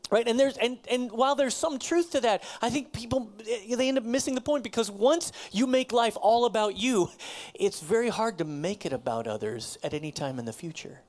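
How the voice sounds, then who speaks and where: A man's voice: extremely high pitch, a little fast, few pauses, a little mellow. A man preaching a sermon with emphasis, often dropping his voice to a near whisper. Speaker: pastor.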